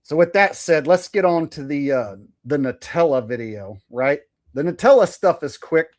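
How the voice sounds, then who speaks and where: A man's voice: a little high, expressive, moderate pace, darkish tone. A man hosting a live stream, who chats loosely in a joking, profane way. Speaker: streamer host. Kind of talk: casual live-stream commentary.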